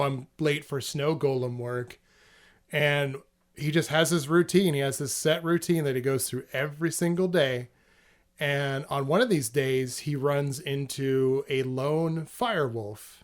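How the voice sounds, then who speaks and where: A man co-hosting a podcast in casual chat, animated and retelling scenes with quick character voices. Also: medium pitch. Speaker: podcast co-host.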